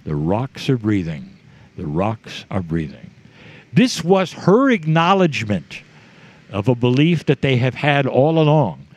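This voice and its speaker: Man channeling a spiritual message to a gathering; unhurried, deliberate, dry close sound. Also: on the high side, a little mellow, no echo. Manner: slow, measured phrasing in short pauses, addressing listeners directly. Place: live gathering with an audience.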